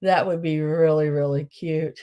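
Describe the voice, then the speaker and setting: A woman's voice: deep voice, fairly even intonation, a little slow, warm tone. A middle-aged woman hosting a casual live-stream sale, chatting with viewers and greeting them by name, with lots of fillers and restarts. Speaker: online live-sale seller.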